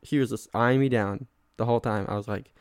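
A man's voice: fairly low pitch, fairly even intonation, a little fast, smooth, dry recording, clean studio sound. A young man chatting casually on a podcast, rambling and self-mocking, laughing often. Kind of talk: casual chat.

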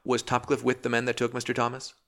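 A man doing a calm, kindly gentlewoman. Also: mid-range voice, fast talker, voice pushed up, natural voice. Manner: gentle, probing.

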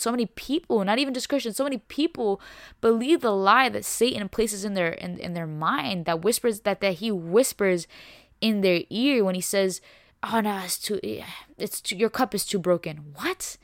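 A woman's voice: medium pitch, no room sound, studio quality. A young woman hosting a faith podcast, preaching with passion and emphasis, repeating herself and dropping casual words like y'all and bro. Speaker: podcast host.

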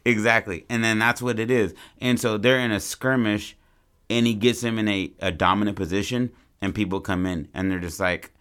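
A man's voice: lowish voice, steady tone, moderate pace, a bit bright, clear, resonant tone. A man co-hosting a podcast, brainstorming a story in casual, rambling, profane chat. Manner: rambling, profane, acts out characters. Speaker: podcast co-host.

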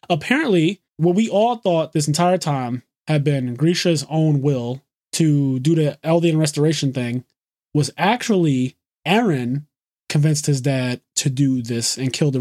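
A man hosting a podcast, excitedly recapping an anime episode in casual, profane, run-on talk. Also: a little high, dry recording, clean studio sound. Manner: excited, swears freely, rapid run-on retelling. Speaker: podcast host.

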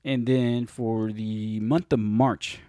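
A young man talks casually about upcoming films in a fairly low voice. He rambles, stops to fix his slips and loses names along the way. The sound is dry and close, with no room echo. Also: steady tone, takes it slowly, warm tone. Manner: rambling, often corrects himself and loses names. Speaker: podcast co-host. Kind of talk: casual movie podcast chat.

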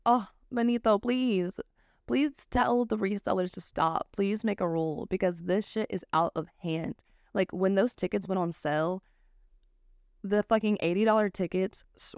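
Casual podcast host, young woman, low-pitched, profane rant, dry close mic. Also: dry recording. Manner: ranting, profane, lots of "like" fillers. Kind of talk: casual chat.

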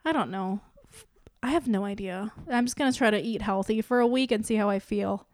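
A woman's voice: medium pitch, brisk, a little mellow, no echo. A young woman co-hosting a podcast in casual chat, talking in a rambling way with lots of "like" fillers. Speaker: podcast co-host.

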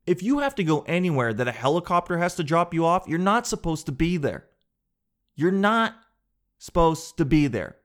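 A man's voice: fairly high pitch, big pitch swings, normal speed. A man doing a casual comic monologue in a rambling, joking, self-mocking way.

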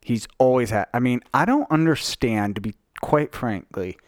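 A man's voice: mid-range voice, lively intonation, moderate pace, no echo, studio quality. A man co-hosting a podcast in casual, joking chat, swearing freely. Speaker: podcast co-host.

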